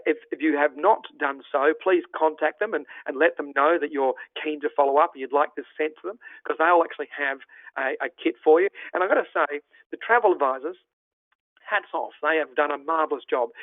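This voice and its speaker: A man's voice: fairly high pitch, no echo. Upbeat Australian man on a tinny line. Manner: upbeat, promotional, folksy. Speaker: travel presenter. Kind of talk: online travel presentation. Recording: tinny phone-like dry audio.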